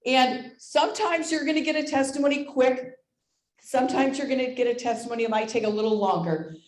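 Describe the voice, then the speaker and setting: Excitable woman presenter in her 60s, high voice, echoey room, loud motivational storyteller. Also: brisk. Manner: excitable, loud, laughs often. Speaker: presenter at a sales meeting.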